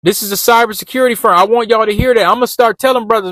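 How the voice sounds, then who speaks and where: Vlogger, male, high voice, slangy and repetitive, talking to camera from a car, dry close sound. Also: racing, a bit bright, no room sound. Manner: loose, repetitive street slang, addresses viewers as y'all. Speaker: vlogger giving job-interview tips. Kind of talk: casual talk while driving.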